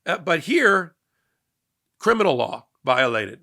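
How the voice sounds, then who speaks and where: A man's voice: fairly high pitch, huge pitch swings, unhurried, gravelly, sharp tone. A man hosting a legal and political commentary show, talking in a sarcastic monologue and often repeating words as he starts sentences.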